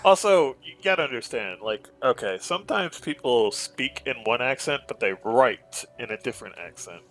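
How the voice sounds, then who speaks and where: A man's voice: mid-range voice, expressive, normal speed, fairly bright tone, faint music behind, low-quality recording. A man co-hosting a let's play, bantering casually and laughing at himself. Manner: laughing, self-deprecating banter. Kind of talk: casual gaming chat.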